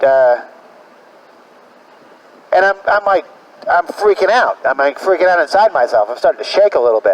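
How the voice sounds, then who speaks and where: A man performs stand-up outdoors with faint traffic in the background. His voice sits a little high, and his delivery is halting, full of repeats and "like" fillers. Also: darkish tone, poor audio. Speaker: stand-up comedian. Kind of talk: rambling stand-up storytelling. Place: outdoors on the street or in a parking lot.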